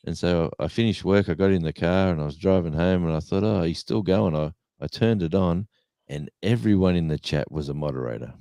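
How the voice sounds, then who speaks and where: Man, very deep voice, rambling casual chat, chuckling. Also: fairly quick, mellow, no echo. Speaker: livestream co-host.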